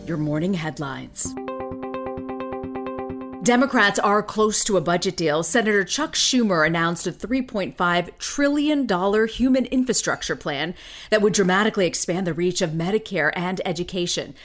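A woman hosting a daily news podcast, reading the morning headlines in a crisp, measured way. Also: fairly low pitch.

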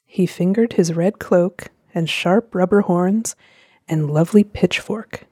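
A woman reading a storybook aloud with a slow, gentle, expressive delivery. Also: lowish voice, slightly rough, no echo, clean studio sound.

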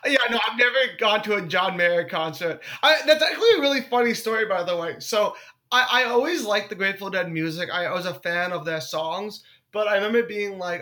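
Bright-voiced joking man telling stories. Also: sits high, fairly quick. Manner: animated storyteller, swears a lot, does friends' voices. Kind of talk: casual comedic chat.

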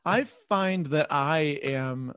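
A man's voice: a little high, animated, takes it slowly, fairly bright tone, smooth, no room sound, studio quality. A man co-hosting a podcast in casual chat, teasing his co-host with mock-earnest, exaggerated praise.

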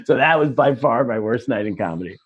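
A man's voice: mid-range voice, lively intonation, brisk, breathy edge, dull audio. A male stand-up comedian telling stories in a casual interview, self-deprecating and rambling with restarts.

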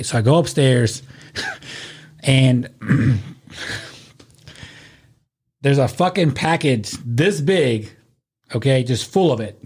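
Husky man telling a rambling story. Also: mid-range voice, expressive, slow pace, long pauses, a little mellow. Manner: rambling, laughing, with many restarts and swearing. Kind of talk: casual storytelling chat.

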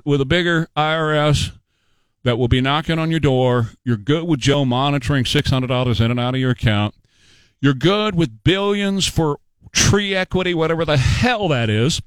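A man's voice: fairly high pitch, fairly bright tone, dry recording. A man hosting a talk radio show, delivering an emphatic, sarcastic political monologue with rhetorical questions.

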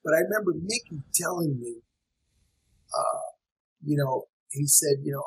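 A man speaks in a husky, breathy voice set a touch higher than usual. He is a jazz musician and teacher in a relaxed interview, reflecting slowly with many fillers and restarts. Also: poor audio.

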